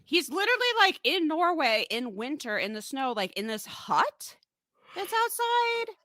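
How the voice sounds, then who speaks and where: Animated, sarcastic woman recapping a film. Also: sits high, a little slow, no echo. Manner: animated, sarcastic, swears freely. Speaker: podcast co-host. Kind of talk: casual comedic film recap.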